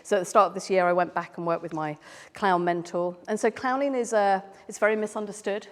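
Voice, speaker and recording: A woman's voice: mid-range voice, a little fast. A British woman, a clown and speaker, chatting playfully with a live audience as she answers their questions. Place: large hall at a live event. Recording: long hall reverb.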